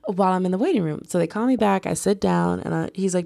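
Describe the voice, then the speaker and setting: A young woman vlogger telling a personal story in a chatty, animated way, full of "like"s. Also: lowish voice, quick pace, vocal fry, no echo, clean studio sound. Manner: chatty, animated retelling with many "like"s. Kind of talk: casual storytime.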